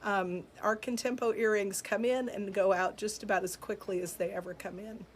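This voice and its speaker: At normal speed and in a steady, medium-pitched voice, a woman runs a live jewelry shopping stream from her shop, with a little hiss or hum audible. She chats upbeat with viewers, answering their comments and often laughing or using fillers.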